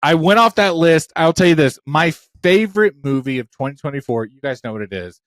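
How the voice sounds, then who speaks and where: Man, podcast co-host, casual chat, animated, swears a lot, slightly high voice, dry close mic. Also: fairly quick, no echo.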